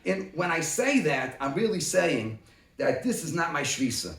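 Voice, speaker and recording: A man leads a Talmud study group, talking the case through in lively back-and-forth exchanges where he voices each side himself. His pitch swings a lot and sits somewhat high. He is recorded from a distance in a roomy, echoing space. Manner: animated, acts out both sides of the case in quick exchanges. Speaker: rabbi leading a study group.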